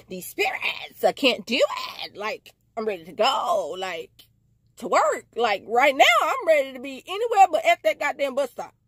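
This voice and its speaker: A woman telling a casual storytime to camera, animated and slangy, talking straight to her viewers. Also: sits high, normal speed, slightly rough, no room sound. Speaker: storytime vlogger.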